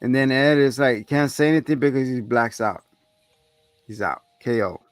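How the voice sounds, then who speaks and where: A man's voice: mid-range voice, normal speed, no echo, soft background music. A man hosting a podcast, casually recapping a movie scene by scene, swearing freely and acting out the characters' lines in a raised voice. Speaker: podcast co-host.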